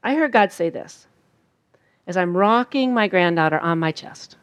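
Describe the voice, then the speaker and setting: An older woman giving a sermon at a camp, telling stories and acting out quoted voices in an animated way. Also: fairly low pitch, moderate pace, clear, resonant tone, dry recording, clean studio sound. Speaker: speaker at a church camp. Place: outdoor camp gathering.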